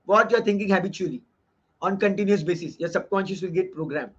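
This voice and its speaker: Man with a high voice, earnest lecturer who repeats key lines, on dull lo-fi audio. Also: fast, fairly bright tone, breathy edge. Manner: earnest and explanatory, often repeating phrases. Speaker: course lecturer reviewing a book. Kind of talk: online lecture.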